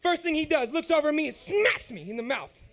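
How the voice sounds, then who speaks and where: A man's voice: extremely high pitch, animated, brisk, fairly bright tone. A man doing open mic stand-up, telling a rambling, profane story and often asking "you know what I'm saying". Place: comedy club stage.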